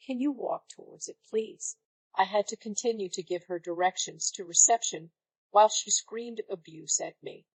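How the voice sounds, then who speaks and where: A woman's text-to-speech voice reading online stories aloud in an even, synthetic-sounding delivery. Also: medium pitch, no room sound, poor audio. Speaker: story narrator.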